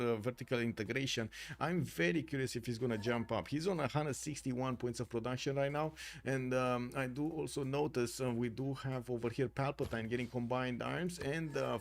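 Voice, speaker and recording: A Romanian man with a Romanian accent commentates a strategy game on a live stream from his home streaming room. He's chatty and laughs easily, filling pauses as he searches for words, and his pitch is medium.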